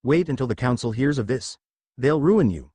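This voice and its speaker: A raging young devil heir, as a man puts him on, bellowing and screeching with fury in a lively, swooping voice. The sound is dry and close. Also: mid-range voice, moderate pace, slightly rough, dry recording. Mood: furious. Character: enraged scheming young male devil heir.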